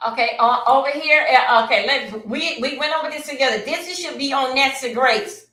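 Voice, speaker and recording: A woman's voice: high-pitched, normal speed, pushed and bright, reverberant, poor audio. A woman hosting a casual livestream, rambling and talking straight to her viewers from her computer. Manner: chatty, rambling, addresses viewers directly. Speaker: livestream host. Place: at home at a computer.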